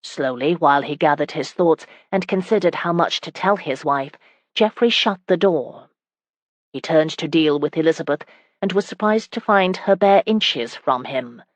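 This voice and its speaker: Steady audiobook narrator, dry sound. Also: mid-range voice, moderate pace, no room sound. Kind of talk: scripted narration.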